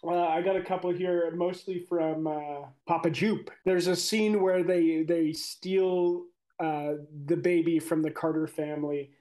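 A man's voice: a little high, fairly even intonation, measured pace, few pauses, warm tone. A man co-hosting a podcast in casual chat, easygoing and joking. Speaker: podcast co-host.

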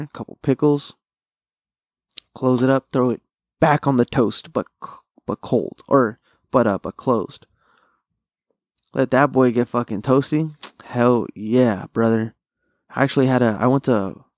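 A man's voice: mid-range voice, creaky, no room sound, studio quality. A young man hosting a solo podcast, telling rambling, profane, slang-heavy food stories. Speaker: podcast host. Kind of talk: casual solo podcast monologue. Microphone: close studio mic.

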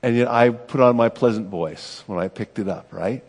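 In a large hall, a middle-aged male pastor preaches with a medium-pitched voice at a moderate pace. His sermon is conversational and self-deprecating, and he often checks in with "right?".

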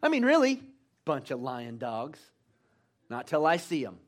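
A man voicing a blunt, doubting male disciple who scoffs at what he hears, in a quick aside during a sermon. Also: sits high, very animated. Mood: scoffing. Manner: scoffing, incredulous.

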